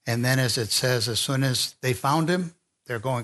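A man's voice: mid-range voice, animated, moderate pace, fairly bright tone. Conversational man preaching a sermon. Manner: conversational, with fillers and restarts.

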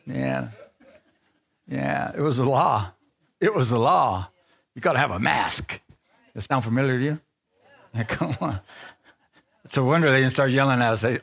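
Animated preacher man calling for amens. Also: moderate pace, creaky, pauses often. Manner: animated, asks the congregation for amens; laughs often, acts out quotes in a higher voice. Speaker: pastor. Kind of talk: sermon.

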